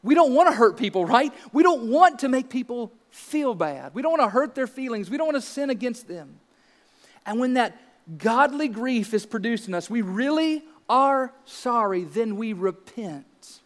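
A man's voice: extremely high pitch, animated, normal speed, big-room sound. A man in his thirties preaching a sermon as pastor, earnest and emphatic, asking rhetorical questions.

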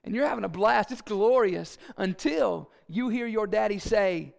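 A man preaching a sermon in an animated, playful storytelling way with asides. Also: sits high, measured pace, gravelly, hardly any pauses. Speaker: pastor.

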